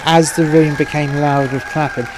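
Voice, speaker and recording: A man narrating a story in a wry, profane, deadpan way. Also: fairly high pitch, moderate pace, crowd noise, background noise.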